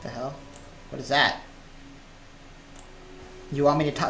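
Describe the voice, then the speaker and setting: A man's voice: mid-range voice, fairly even intonation, unhurried. A man live-streaming a video game, chatting casually and thinking aloud with fillers as he plays. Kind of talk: casual live-stream chat while gaming. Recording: echoey room with loud background noise.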